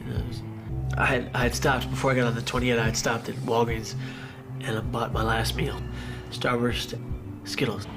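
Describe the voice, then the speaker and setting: Man telling his story, halting and emotional. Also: mid-range voice, level tone. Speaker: suicide attempt survivor. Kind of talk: personal testimony. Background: background music.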